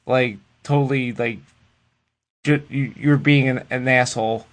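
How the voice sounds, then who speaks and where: A man co-hosting a casual podcast, retelling wrestling in a loose, profane, animated way. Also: mid-range voice, unhurried. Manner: animated, profane storytelling that acts out the people it quotes. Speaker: podcast co-host recapping wrestling. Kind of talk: casual chat.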